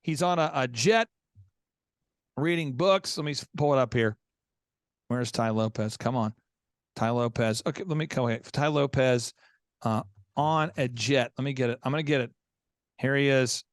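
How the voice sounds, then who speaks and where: A man's voice: medium pitch, moderate pace, long pauses, dry recording, clean studio sound. A man hosting a business podcast, telling stories with energy and acting out both sides of conversations. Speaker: podcast host. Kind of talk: animated storytelling.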